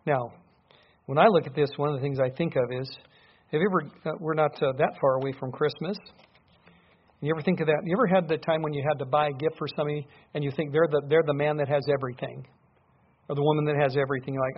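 A man's voice: on the high side, fast, breathy edge. A man preaching a sermon, speaking earnestly and building up to emphatic peaks as he drives home his points. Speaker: pastor. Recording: dull lo-fi sound.

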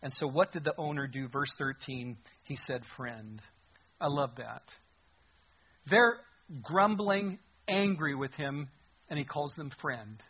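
A man's voice: on the high side, a little slow, husky, muffled recording. A man preaching a sermon as a pastor, reading scripture aloud and pressing his points with earnest, rising emphasis.

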